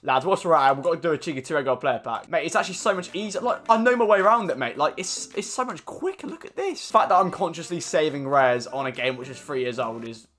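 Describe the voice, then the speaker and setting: A man's voice: fairly high pitch, quick pace, hardly any pauses. A young man with a British accent giving chatty, slangy gameplay commentary for viewers. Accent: British English. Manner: chatty, slangy, excitable, addresses viewers as lads. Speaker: gaming YouTuber.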